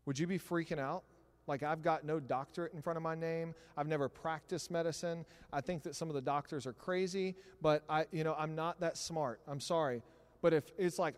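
A middle-aged man preaching a sermon in a church, talking conversationally with animated asides. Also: on the high side, fairly quick. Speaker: pastor. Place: church sanctuary. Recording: long hall reverb.

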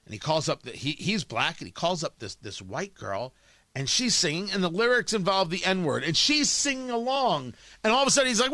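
Animated, bright-voiced male talk host. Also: high-pitched, brisk, dry recording. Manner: emphatic, repeats words when building a point. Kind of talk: opinion monologue.

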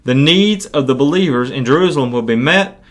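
Man, podcast preacher, earnest, repeats words, mid-pitched voice. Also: expressive, a little fast. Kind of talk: Bible reading and podcast teaching.

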